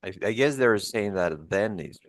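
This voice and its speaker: A man's voice: on the low side, lively intonation, moderate pace, no echo. A man tutoring a student one-on-one, patiently going over test answers with many restarts. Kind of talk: one-on-one lesson review.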